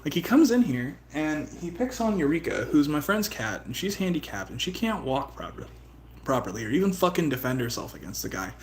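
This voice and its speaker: A man's voice: on the high side, big pitch swings, a little fast, a little hiss or hum. A young man streaming live, talking in a casual, profane, rambling way that turns heartfelt. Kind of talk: casual livestream chat.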